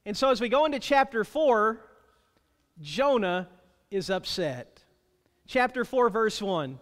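A man preaching a sermon as pastor, emphatic, slowing down to stretch out key phrases. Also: sits high, lively intonation, fairly bright tone. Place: church sanctuary. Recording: long reverb of a church hall.

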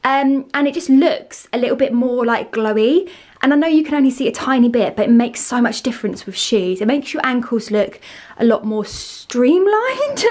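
A woman's voice: a little high, darkish tone. A woman talking casually to camera in a beauty vlog, chatty with plenty of ums. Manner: chatty, upbeat, lots of ums. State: tired, croaky, half-whispering. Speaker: vlogger.

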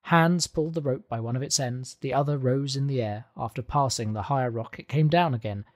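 A man reading a classic adventure novel aloud as audiobook narration, calm and even. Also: mid-range voice. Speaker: audiobook reader. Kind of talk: scripted narration.

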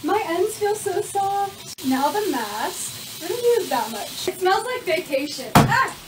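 Bubbly high-pitched young woman vlogger. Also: big pitch swings, measured pace, noisy background. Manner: bubbly, gushing product talk. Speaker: lifestyle influencer. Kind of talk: voice-over vlog narration.

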